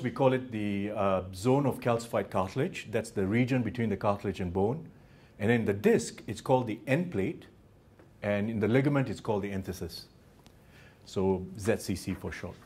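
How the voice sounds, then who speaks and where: A man with a New Zealand accent giving a university lecture, halting with many restarts and fillers and dropping in joking asides. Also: lowish voice, a little mellow, husky. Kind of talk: academic lecture. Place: lecture theatre.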